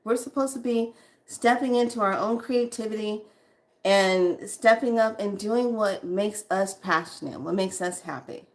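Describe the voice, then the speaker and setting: A woman's voice: medium pitch, measured pace. A woman chatting casually to her viewers, telling a long story and quoting the people she met. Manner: chatty, laughs often, quotes others in voices. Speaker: spiritual vlogger.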